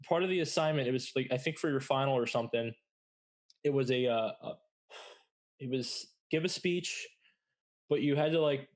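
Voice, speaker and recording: Young guy on a podcast, rambling story, lots of "like" and "you know", swears freely, middle pitch. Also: moderate pace, pauses often. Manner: rambling, heavy filler words, blunt and profane. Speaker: podcast host. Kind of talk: casual storytelling chat.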